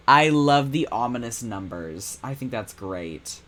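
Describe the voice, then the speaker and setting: A man streaming a game, reacting with excitable, swearing casual commentary. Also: mid-range voice, unhurried, hardly any pauses. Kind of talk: casual game commentary while reading aloud.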